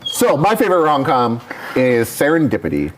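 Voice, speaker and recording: A man's voice: medium pitch, huge pitch swings, moderate pace, a little hiss or hum. A man co-hosting a live game stream, chatting in an easygoing, joking way. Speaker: co-host. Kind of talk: casual chat on a game stream.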